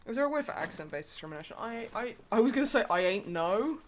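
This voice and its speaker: A woman's voice: mid-range voice, lively intonation. An Australian woman chatting casually and bluntly, with plenty of swearing, while livestreaming a game. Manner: blunt, sweary, quick to laugh. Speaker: streamer.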